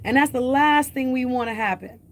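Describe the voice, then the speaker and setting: A woman's voice: sits high, fairly quick. A woman hosting a radio talk show, speaking urgently and emphatically to her listeners, repeating key points and asking rhetorical questions.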